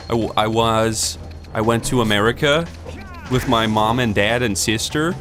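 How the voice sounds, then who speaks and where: A man in the middle of his voice range tells a long, rambling anecdote during a gaming session, breaking into shrill impressions of the people in the story. Loud game music plays underneath. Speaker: co-host of a gaming show. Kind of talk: casual storytelling over gameplay.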